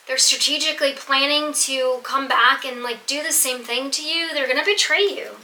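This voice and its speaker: A woman's voice: high-pitched, normal speed, few pauses, bright, forceful tone. A woman giving a tarot reading to her viewers, earnest and emphatic, repeating phrases for stress. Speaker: tarot reader. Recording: echoey room with faint noise.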